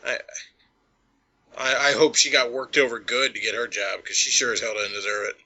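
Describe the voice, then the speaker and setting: A man's voice: medium pitch, fairly even intonation, moderate pace, bright, forceful tone. A man talking as a guest in a casual political chat, blunt and crude, stammering a little at the start. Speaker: podcast guest.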